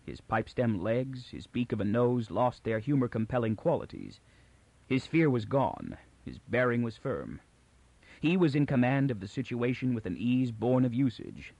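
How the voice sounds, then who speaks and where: A male narrator reading a novel aloud in an even, clear storytelling voice. His pitch stays lively, and the dry recording is close and a little dull. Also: moderate pace, no echo. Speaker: audiobook narrator. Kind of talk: audiobook narration.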